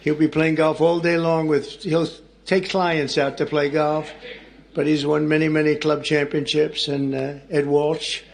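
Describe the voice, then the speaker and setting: A man's voice: fairly high pitch, little pitch movement, measured pace, vocal fry. An older man giving off-the-cuff public remarks in a large formal room, rambling and teasing his guests. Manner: rambling, digressive, teasing asides. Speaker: speaker at an official event. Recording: crowd murmur and room noise from an archive clip. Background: crowd of guests, background noise.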